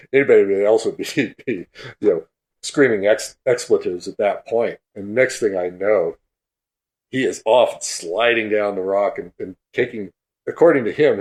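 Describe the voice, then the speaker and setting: Lower-voiced man telling a lively story. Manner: laughs through his stories; acts out quoted speech. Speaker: podcast guest. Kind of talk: animated storytelling.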